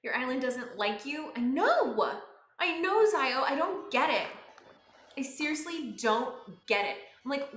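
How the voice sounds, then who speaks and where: A young woman streaming a game, bubbly and excitable, swinging between high squeals and low mutters. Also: measured pace, echoey room. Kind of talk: live-streamed game play.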